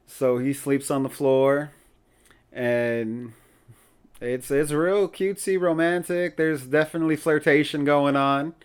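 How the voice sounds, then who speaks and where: A man's voice: mid-range voice, smooth. A man hosting a podcast, casually recapping an episode in a chatty, opinionated way and laughing often. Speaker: podcast host.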